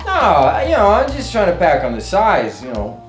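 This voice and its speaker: A man's voice: high-pitched, wildly swooping pitch, moderate pace, soft background music, voice pushed up. A man playing a crude, cocky young gym-bro interviewer who mocks his guest in bro slang. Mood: bragging.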